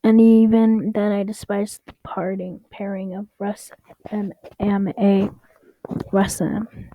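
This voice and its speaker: A woman's voice: mid-range voice, level tone, slow, no room sound, phone-quality sound. A young woman reading online stories aloud in a casual way, stumbling over words and adding wry asides. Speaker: story reader.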